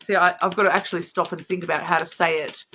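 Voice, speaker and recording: A woman's voice: lowish voice, fairly even intonation, quick pace, pushed and bright, slight background noise. A woman with an Australian accent giving a casual spoken card reading, chatty and rambling, often checking in with the listener. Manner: chatty, rambling, keeps checking in with "all right?". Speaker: card reader.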